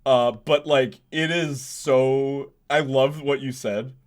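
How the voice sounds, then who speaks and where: A man's voice: medium pitch, fairly even intonation, takes it slowly. A young man streaming a video game, chatting casually, rambling with lots of restarts and frequent laughter. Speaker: gaming streamer. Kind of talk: casual stream chat while gaming.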